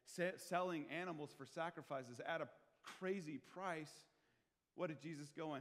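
A man's voice: fairly high pitch, moderate pace. Male pastor preaching in a reverberant hall. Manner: conversational, asks the congregation questions; swings between quiet asides and loud emphasis. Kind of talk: sermon.

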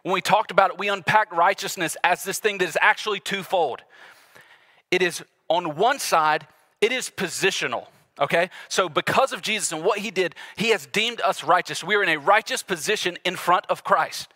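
A man in his thirties preaching a sermon as a pastor, telling family stories in a relaxed, conversational way and acting out the quotes. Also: high-pitched, moderate pace.

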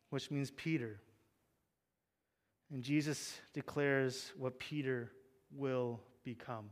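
A man's voice: mid-range voice, measured pace. A young adult man preaching a sermon, conversational, with joking asides and fervent emphasis on key points. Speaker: pastor.

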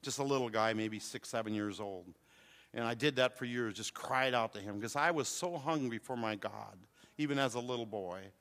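A man's voice: mid-range voice, normal speed, fairly bright tone. An older man preaching a sermon to a congregation, calling out to them with rising fervor. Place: church hall with congregation. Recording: long hall reverb.

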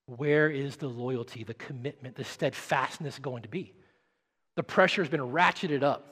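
A male pastor preaching a sermon with dramatic swings between hushed, quiet passages and loud, emphatic ones. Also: mid-range voice, normal speed, husky, in a large hall. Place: church.

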